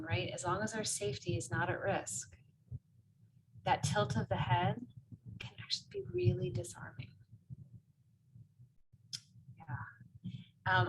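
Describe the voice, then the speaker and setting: A woman facilitating an online workshop, speaking gently and encouragingly with frequent fillers, over a video call. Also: lowish voice. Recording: noisy video call audio.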